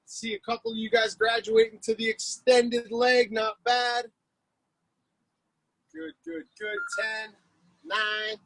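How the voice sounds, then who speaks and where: A man's voice: very high-pitched, lively intonation, slow pace, gravelly, pauses often, fairly bright tone, a little hiss or hum, low-quality recording. A man coaching a live-streamed workout class, calling out exercises, cues and countdowns with lots of energy. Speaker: fitness coach.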